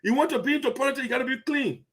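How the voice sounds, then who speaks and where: A man with a Liberian English accent hosting a community commentary show, talking in a casual, animated and indignant way with frequent laughter. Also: very high-pitched, rapid-fire. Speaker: host of diaspora community show.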